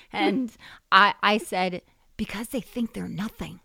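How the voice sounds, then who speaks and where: A middle-aged woman minister telling a lively faith story on a Christian talk show, acting out the dialogue. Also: medium pitch, normal speed, gravelly, no echo. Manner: animated storyteller, acts out quoted dialogue. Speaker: guest minister.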